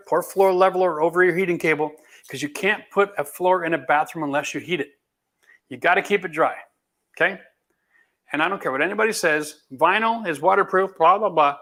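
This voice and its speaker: A man's voice: high-pitched, pushed and bright. A middle-aged man from Canada, a home renovation host answering viewer questions in a blunt, emphatic, folksy way. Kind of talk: live Q&A chat.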